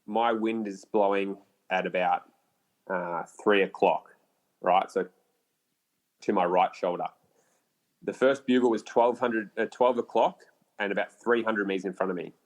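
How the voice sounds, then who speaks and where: A podcast guest with an Australian accent recounts a bowhunting story, casual and lively, swearing freely and peppering it with fillers. His voice is lowish, and he talks a little slowly, pausing often.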